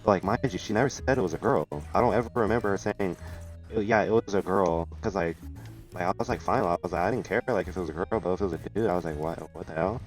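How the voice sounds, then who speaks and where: A man's voice: low-pitched, racing, soft background music. A young man casually telling a storytime story, rambling with lots of restarts and slang. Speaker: storytime vlogger.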